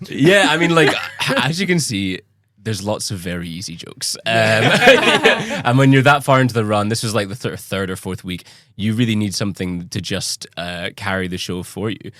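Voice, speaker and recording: Low-voiced man, bright and cheeky. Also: expressive, moderate pace, no echo, studio quality. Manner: cheeky, jokey storytelling. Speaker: podcast guest, actor. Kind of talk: casual podcast chat.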